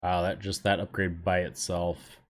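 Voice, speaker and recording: Laid-back low-voiced male game streamer. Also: little pitch movement, moderate pace. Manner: chatty, laid-back, swears casually, talks to chat. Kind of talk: casual live gameplay commentary.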